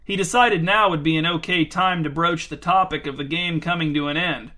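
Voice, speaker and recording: A man's voice: a little high, steady tone, fairly quick, bright, forceful tone. A man reading a story aloud in a dry, wry narration. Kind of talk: scripted narration.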